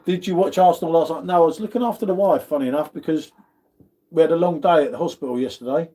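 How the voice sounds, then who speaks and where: A fast-talking man with a warm, slightly high voice hosts a laid-back livestream from the UK. He greets his viewers, calls them "mate," and reads out what they write in the comments.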